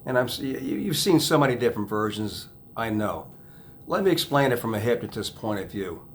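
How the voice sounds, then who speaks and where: Rambling man hypnotist, soft "okay?"s. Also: lively intonation, a little fast, a little hiss or hum. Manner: rambling, restarts sentences, repeats key phrases; drops to a soft, low "okay?" after points. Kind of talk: casual self-help talk to camera.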